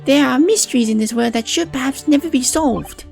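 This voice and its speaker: A man putting on a bright, eager young girl. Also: very high-pitched, a little fast, gravelly, faint music behind, voice pushed up. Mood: thoughtful. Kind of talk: reading game dialogue aloud on a live stream.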